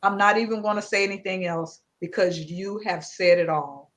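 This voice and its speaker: A woman's voice: mid-range voice, moderate pace. Effusive woman host with a lilt. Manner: effusive, emotional, greets viewers by name. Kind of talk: livestream talk show.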